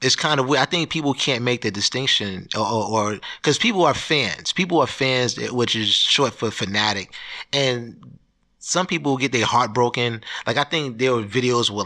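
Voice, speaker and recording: A man's voice: mid-range voice, normal speed, creaky, pushed and bright. A man hosting his own podcast, ranting in a loose, profane, rambling way with many restarts. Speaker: podcast host. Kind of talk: solo podcast rant.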